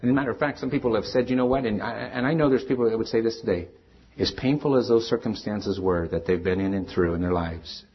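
A man's voice: lowish voice, husky, dull audio. A man preaching a sermon as pastor, earnest and rising to emphatic peaks.

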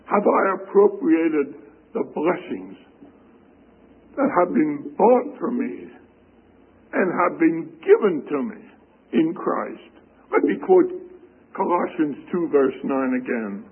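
A man preaching a sermon, reading scripture slowly and deliberately, heard over a tinny radio broadcast. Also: a little high, animated, husky.

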